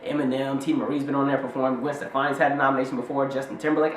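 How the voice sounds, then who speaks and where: A man's voice: medium pitch, expressive, very fast, hardly any pauses, a bit bright, reverberant, slight background noise. A man giving a fired-up, sarcastic commentary rant straight to his viewers. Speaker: vlogger. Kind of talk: casual commentary rant to camera.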